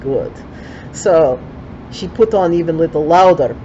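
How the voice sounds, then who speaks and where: A woman's voice: low voice, animated, a little slow, dark tone, highs cut off, a little hiss or hum. An older woman with a Ukrainian accent telling a folksy story in broken English, with chatty asides.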